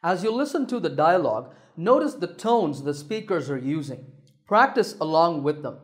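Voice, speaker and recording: A man teaching English pronunciation in a clear, deliberate scripted lesson, slowing down to sound out example words. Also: fairly high pitch, very animated.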